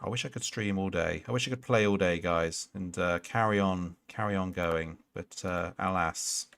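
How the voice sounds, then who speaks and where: A man's voice: low voice, normal speed, gravelly, no echo. A man in his thirties streaming a block-building game, chatting casually and answering his chat with jokey asides. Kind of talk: casual Minecraft livestream chat. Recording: loud background noise.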